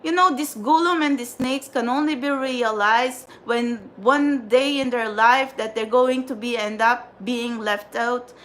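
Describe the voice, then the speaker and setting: High-voiced exasperated woman ranting on stream. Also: fairly even intonation, unhurried, hardly any pauses, fairly bright tone. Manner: exasperated, repetitive, scolding. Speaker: tarot livestream host. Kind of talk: frustrated livestream rant.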